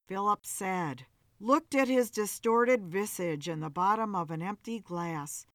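A woman narrating an audiobook story in a plain, steady manner. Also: medium pitch, measured pace, dry recording, clean studio sound.

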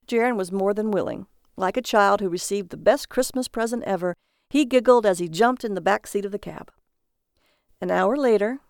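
A woman narrating a story aloud in a steady, even read-aloud delivery. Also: medium pitch, gravelly, smooth, dry recording, clean studio sound.

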